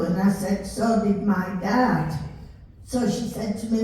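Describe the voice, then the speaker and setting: An older Yorkshire woman with a medium-pitched, unhurried voice reminisces casually about her life, telling stories in a chatty, warm way punctuated by laughs. The recording is roomy, with a distant mic and faint hiss.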